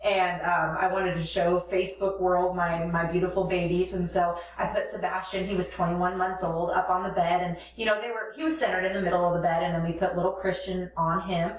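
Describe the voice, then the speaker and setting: Animated woman telling stories in an echoey room. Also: lowish voice, fairly quick, hardly any pauses. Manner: animated storyteller, acts out voices with laughter. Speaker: podcast co-host, mother. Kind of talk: casual chat. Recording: echoey room, mic at a distance.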